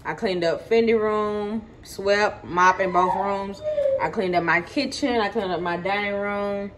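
A woman's voice: medium pitch, unhurried. A woman vlogging at home in her kitchen, chatting casually to her viewers and repeating points for emphasis. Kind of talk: casual chat to camera. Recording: noisy home recording.

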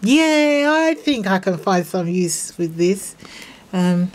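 A woman showing off craft mail from friends, gushing and excitable, with gasps and breathy whispered exclamations. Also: on the low side, takes it slowly. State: unwell. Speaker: craft vlogger opening mail from viewers. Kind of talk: casual unboxing vlog.

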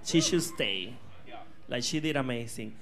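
A man's voice: mid-range voice, lively intonation, a little slow, vocal fry, fairly bright tone. A man with a Puerto Rican accent, a drag performer co-hosting a bar viewing party, bantering with crude, laughing humor. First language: Spanish. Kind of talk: casual panel chat. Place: bar viewing party before a live crowd.

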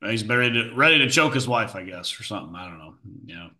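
A man's voice: on the low side, expressive, fast talker, sharp tone. A man reacting to a video with sarcastic, incredulous commentary. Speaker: commentary host.

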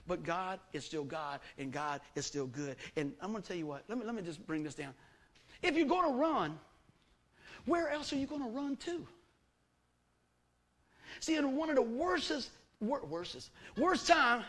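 High-voiced folksy preaching pastor. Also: male voice, fairly bright tone. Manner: folksy, emphatic preaching with rhetorical questions. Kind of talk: sermon.

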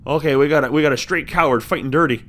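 A young man giving lively let's-play commentary on a survival game, talking to himself and his character. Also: fairly high pitch, fast, a little hiss or hum. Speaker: gameplay commentator.

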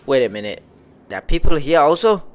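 A man giving excitable live gameplay commentary, talking to himself and his viewers with frequent exclamations. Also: fairly high pitch, a little fast. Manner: excitable, lots of exclamations and self-talk. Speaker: gameplay streamer.

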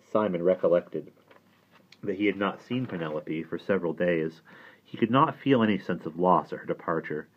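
A man reading a novel aloud in steady audiobook narration. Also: low voice, moderate pace, slightly rough. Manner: steady storytelling. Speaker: audiobook reader. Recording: tinny phone-like sound.

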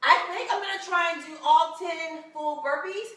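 A woman's voice: very high-pitched, moderate pace, fairly bright tone. A woman fitness instructor leading a home workout, counting reps and encouraging viewers, getting out of breath at times. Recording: echoey room, voice from a distance.

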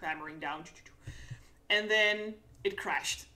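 A woman talks casually on a live stream, spinning animated stories with the odd curse word. Her voice has a bright, sharp edge. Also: medium pitch, slow pace, slight background noise. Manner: animated storyteller, swears, laughs often. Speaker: author guest.

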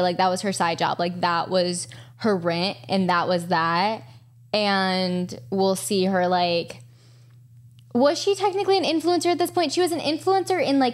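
A woman host reading out a string of text messages, stopping often to add her own commentary. She talks in a loose, chatty way, full of fillers, at an ordinary middle pitch for a woman. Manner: casual, with many fillers like "like" and "um".

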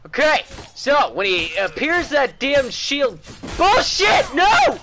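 Male gaming streamer, slow-talking, animated pitch, swears and shouts at the screen, stammers when rattled. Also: slight background noise. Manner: loud, profane trash talk at the game, yelling in bursts. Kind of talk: live gameplay commentary.

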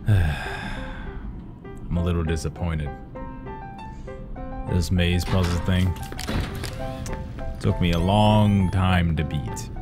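A young man giving excitable let's-play commentary, swearing and yelling at the game as he plays. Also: deep voice, extremely slow, long pauses. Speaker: gaming YouTuber. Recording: game music playing behind.

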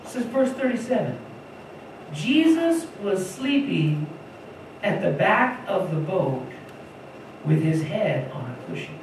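Woman preacher with a lively, animated storytelling delivery, recorded from a distance in a very echoey church hall with faint background noise. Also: on the low side, takes it slowly, pauses often. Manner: animated storytelling, acting out voices of the disciples. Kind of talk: sermon.

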